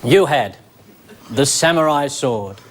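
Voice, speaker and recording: A man's voice: mid-range voice, animated, takes it slowly, a little hiss or hum. A man hosting a comedy panel show, telling wry scripted news gags and chuckling at his own jokes. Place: TV studio. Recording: loud studio audience laughter.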